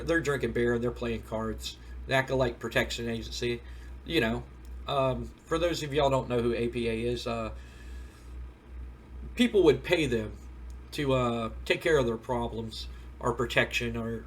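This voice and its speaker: A man's voice: medium pitch, slight background noise. A man casually recapping a wrestling simulation game playthrough in a rambling, storytelling way. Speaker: game streamer.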